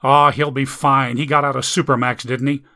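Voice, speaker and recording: A man's voice: mid-range voice, little pitch movement, normal speed, pushed and bright. A man voicing a wry, easygoing father who teases his family. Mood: teasing. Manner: teasing, dry humor.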